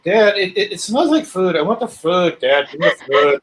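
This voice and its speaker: Man voicing a begging house cat, whiny, insistent, greedy, melodramatic, high-pitched. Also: animated, moderate pace, a bit bright. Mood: pleading. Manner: whiny, insistent pleading that turns into shrill outrage.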